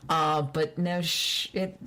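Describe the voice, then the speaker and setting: A woman's voice: deep voice, steady tone, slow, pushed and bright. Chatty woman reminiscing in a casual conversation. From Baltimore, Maryland. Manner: chatty and reminiscing, with frequent restarts. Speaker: guest, music journalist.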